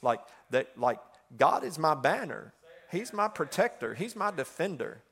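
A middle-aged man preaching a sermon in a chatty style full of fillers, swinging between loud passages and hushed ones. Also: on the high side, sing-song, unhurried, breathy edge.

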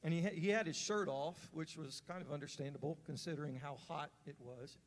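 A preacher with a slightly high voice and brisk pace delivers a sermon as a story. He speaks earnestly and conversationally, with fillers and restarts, and the recording has a long hall reverb.

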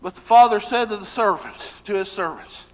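A man preaching with a very high voice that climbs into fervent shouting, his words dropping in folksy rural grammar. The sound rings out with a long church-hall reverb. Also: normal speed. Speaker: pastor. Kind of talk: sermon.

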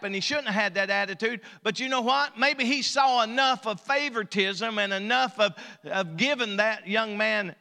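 A man preaching a sermon as pastor, telling folksy stories in a hushed voice, then rising into loud exhortation. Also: high-pitched, big-room sound. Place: church sanctuary.

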